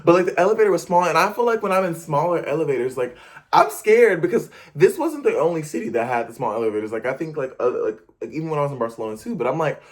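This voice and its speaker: A man's voice: on the high side, lively intonation, quick pace. A young man from the United States, chatting casually and animatedly to camera in an unedited vlog, with lots of fillers and restarts. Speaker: vlogger.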